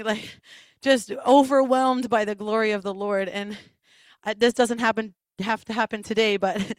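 Woman telling a church testimony, laughs a lot, kinda high voice, dry sound. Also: no room sound. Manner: animated storytelling with laughs and restarts. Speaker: worship leader. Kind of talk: sermon testimony.

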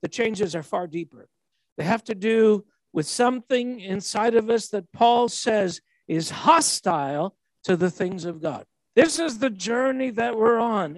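Preacher, male, 60s, high voice, dry sound, conversational sermon delivery. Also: dry recording, poor audio. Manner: storytelling with laughs and repeated restarts.

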